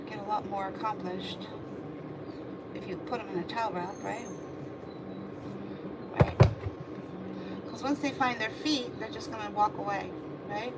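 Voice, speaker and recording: A woman's voice: mid-range voice, measured pace, long pauses. A woman cat groomer chatting on a livestream in a grooming salon, cooing and humming to the cat as she works. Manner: coos and hums to the cat. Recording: loud background noise.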